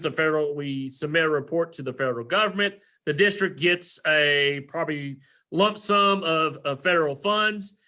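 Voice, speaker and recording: School principal, man, earnest and self-correcting, brightish, slightly high voice. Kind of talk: recorded presentation to parents.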